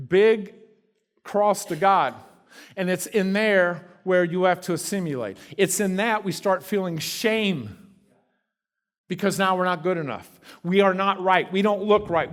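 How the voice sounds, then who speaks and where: Man preaching, slightly high voice. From Kentucky. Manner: conversational preaching with sudden drops to a soft hush. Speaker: guest preacher. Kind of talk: sermon. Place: church sanctuary.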